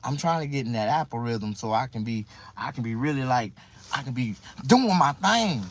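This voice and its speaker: A man's voice: medium pitch, animated, normal speed, slight background noise, poor audio. A man talking casually to viewers on a livestream, rambling and repeating himself in mock confusion.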